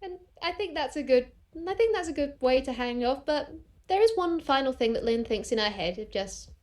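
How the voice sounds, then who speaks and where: A woman narrating her character in a tabletop actual play, animated and swearing freely. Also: high voice, brisk. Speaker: player in a tabletop game.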